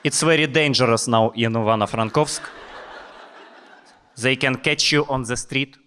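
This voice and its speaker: A young man with a Ukrainian accent doing deadpan stand-up comedy on a stage. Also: medium pitch, measured pace, slight background noise. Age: young adult.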